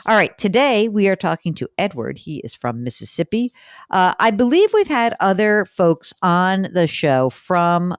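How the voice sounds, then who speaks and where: Low-voiced, lively woman podcast host. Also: no echo, clean studio sound. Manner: chatty, animated, laughs easily. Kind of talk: casual chat.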